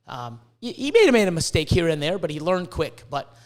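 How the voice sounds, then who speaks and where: A man's voice: on the high side, very animated, a little fast. A man hosting a podcast in casual chat, swearing a lot and stumbling over repeated words as he makes emphatic points. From Canada. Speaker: podcast host.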